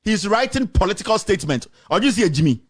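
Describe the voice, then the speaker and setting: A man's voice: high voice, big pitch swings, quick pace. A man with a Ghanaian accent hosting a heated political talk radio show, switching between English and Twi. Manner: fiery, mixes English with Twi.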